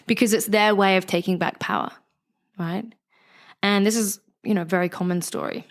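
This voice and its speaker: A young woman with a West Country English accent speaks as an interview guest, telling her story frankly and with animation. She swears freely and doesn't soften anything. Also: mid-range voice, very animated, moderate pace, vocal fry. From West Country, England. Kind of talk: candid interview conversation.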